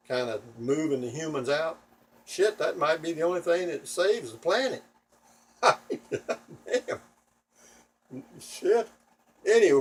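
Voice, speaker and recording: A man with a husky, slightly rough voice, rambling casually to his video audience. He sounds a little distant from the microphone, and he is blunt, profane and opinionated while poking fun at himself. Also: mid-range voice. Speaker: vlogger. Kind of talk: rambling casual monologue to viewers. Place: home in Texas.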